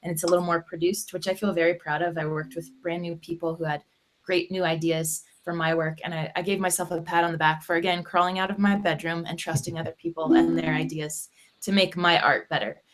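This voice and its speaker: A woman musician on a live video call, chatting quickly and lightly about her new album. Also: fairly low pitch, level tone, a little hiss or hum, rough recording. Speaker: guest musician. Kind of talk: casual chat. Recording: remote video call with loud ukulele accompaniment.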